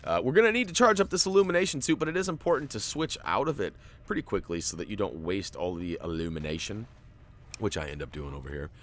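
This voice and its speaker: A man's voice: fairly low pitch, big pitch swings, quick pace, fairly bright tone, slight background noise. A man hosting a video game walkthrough, chatting casually and joking with viewers. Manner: jokey, chatty, talks to viewers. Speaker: gaming walkthrough host.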